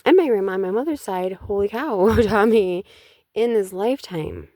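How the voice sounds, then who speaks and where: A woman's voice: medium pitch, expressive, normal speed, dark tone, no echo, clean studio sound. A middle-aged woman chatting casually in a rambling way about spiritual matters, with many restarts. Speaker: vlogger.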